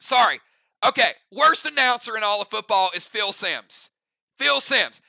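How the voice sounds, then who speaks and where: A man's voice: high voice, animated, moderate pace, vocal fry, pushed and bright, no room sound. A man running an online role-play game as game master, narrating moves in a casual, chatty way with rambling asides.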